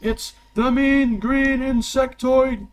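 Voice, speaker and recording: A man voicing a male wasp-like insectoid announcing fights in an arena, shouting in a slow, drawn-out hype voice. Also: extremely high pitch, steady tone, voice pushed up. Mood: hyped.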